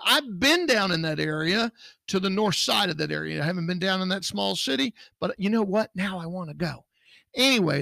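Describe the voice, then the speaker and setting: A man's voice: sits high, creaky, bright, forceful tone, no room sound. A man from Texas co-hosting a podcast, talking bluntly and indignantly in casual chat. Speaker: podcast co-host, security business owner.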